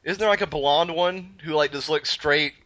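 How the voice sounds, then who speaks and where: A man with a bright, forceful voice jokes and tells animated stories in a loose conversation. His voice sounds dry and close, with little room sound. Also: a little high, moderate pace, dry recording, lo-fi sound. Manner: joking, animated storytelling. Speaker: podcast co-host. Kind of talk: casual chat.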